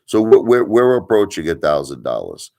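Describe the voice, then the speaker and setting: Very deep-voiced New man ranting. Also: very animated, normal speed, vocal fry, mellow. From Brooklyn, New York. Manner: blunt, emphatic, repeats himself, casual swearing. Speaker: livestream host. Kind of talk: ranting storytelling live stream.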